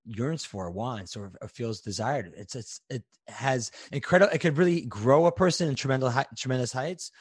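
A man's voice: mid-range voice, moderate pace, hardly any pauses, slightly rough, no room sound. Reflective male podcast host, dry sound. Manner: reflective, thoughtful questioner. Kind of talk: interview conversation.

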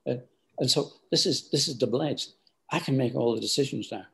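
A man's voice: mid-range voice, brisk, creaky, a bit bright. An older man, a business founder, giving rambling, hesitant interview answers full of restarts.

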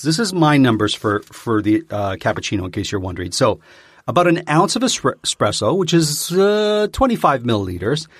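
A man's voice: mid-range voice, breathy edge, dry recording, clean studio sound. A man co-hosting a casual podcast chat, passionate and fussy about coffee. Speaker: podcast co-host. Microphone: close podcast mic.

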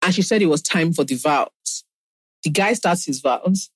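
A woman co-hosts a podcast in relaxed, chatty talk. She tells stories animatedly and laughs often. The sound is dry and close. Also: low-pitched, moderate pace, slightly rough, no echo. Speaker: podcast co-host. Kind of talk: casual chat.

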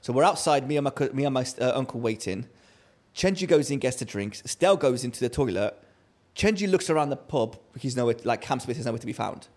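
A man co-hosting a podcast, telling a story in casual chat and acting out the quotes with lively energy. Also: medium pitch, fairly quick. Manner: animated storyteller, acts out quotes. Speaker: podcast co-host.

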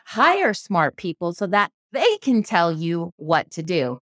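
A woman's voice: fairly low pitch, big pitch swings, slow pace, a bit bright, no echo, studio quality. A woman hosting an interview show in an upbeat, bubbly way, laughing often. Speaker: podcast host.

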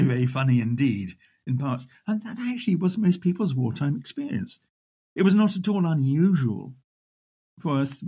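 An older man, a historian, telling wartime anecdotes in an animated way. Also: fairly high pitch, slightly rough. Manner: animated raconteur, acts out voices. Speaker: historian guest. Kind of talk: storytelling interview.

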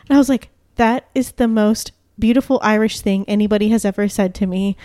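A woman's voice: a little high, fast talker, few pauses, dry recording, studio quality. An American woman co-hosting a casual podcast chat, telling stories and acting out the quotes with laughs. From United States. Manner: animated storyteller, acts out quotes with laughs. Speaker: podcast co-host.

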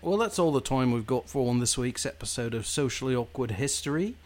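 A man's voice: medium pitch, moderate pace, fairly bright tone, lightly acted. A man putting on a hammy British accent. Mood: playful. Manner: hammy, playful sign-off.

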